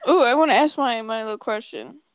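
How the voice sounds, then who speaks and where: High-voiced young woman telling a story. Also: lively intonation, a little fast, clean tone, no room sound. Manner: storytelling, profane, joking. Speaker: podcast co-host. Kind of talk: casual chat.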